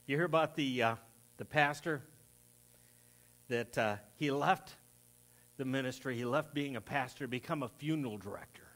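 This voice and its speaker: A man's voice: normal speed, long pauses, a bit bright. A pastor preaching a sermon in a church, telling stories and voicing the people he quotes. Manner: storytelling, acts out quoted voices with rising pitch. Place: church sanctuary.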